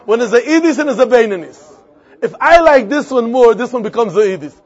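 A man's voice: very high-pitched, lively intonation, fairly quick. A man teaching a Talmud lesson, repeating phrases and posing and answering his own questions. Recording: dull lo-fi recording with faint crowd.

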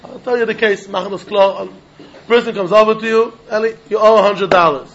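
A man teaching a Talmud class, animated and questioning, mixing in Yiddish and Hebrew terms. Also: sits high, brisk, dull audio.

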